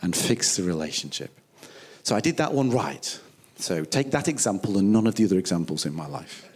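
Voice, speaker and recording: A man's voice: fairly low pitch, sing-song, fairly quick, darkish tone. A man preaching a sermon, emphatic and conversational, acting out little quoted dialogues. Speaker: pastor.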